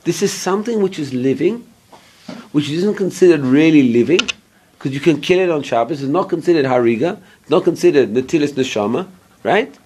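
A man's voice: a little high, animated, darkish tone, a little hiss or hum. A man teaching an informal Bible class, explaining verse by verse and checking in with listeners, sometimes stopping to hunt for an English word. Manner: pauses to search for English words. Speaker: Torah teacher.

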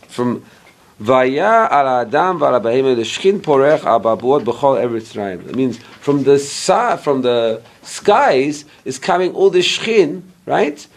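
A man teaching an informal Bible class, explaining verse by verse and checking in with listeners, sometimes stopping to hunt for an English word. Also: on the high side. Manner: pauses to search for English words. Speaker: Torah teacher.

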